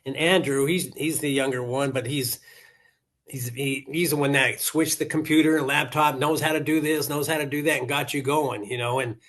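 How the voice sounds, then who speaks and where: A man's voice: mid-range voice, fairly even intonation, normal speed, fairly bright tone. A contractor in his sixties from Colorado, chatting over a video call, rambling and laughing easily as he repeats his words. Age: 60s. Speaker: contractor client. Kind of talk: casual video call chat.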